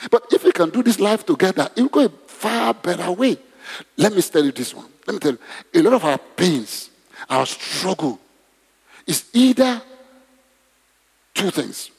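A man's voice: high-pitched, sing-song, a little slow, gravelly, pauses often, husky. A man preaching a conversational sermon in a church, often asking the congregation questions. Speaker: pastor. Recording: long hall reverb.

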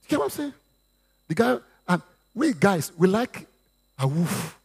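A man's voice: high voice, unhurried, vocal fry, long pauses, slightly rough. A man with a Nigerian accent preaching a sermon, slipping into Yoruba and acting out quotes. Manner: lively preaching with Yoruba asides and acted quotes. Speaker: pastor.

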